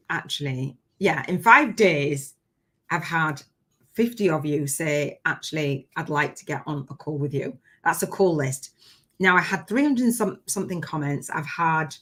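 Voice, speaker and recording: Chatty, excitable woman on a live stream. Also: low-pitched. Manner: chatty and excitable, with bursts of cheering. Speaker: business coach hosting a live stream. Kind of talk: casual live stream chat. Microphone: webcam setup with ring light.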